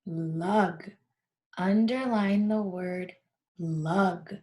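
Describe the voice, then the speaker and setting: A woman teacher walking children through a workbook lesson, patiently repeating the key words slowly. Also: a little high. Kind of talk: guiding a class through a workbook.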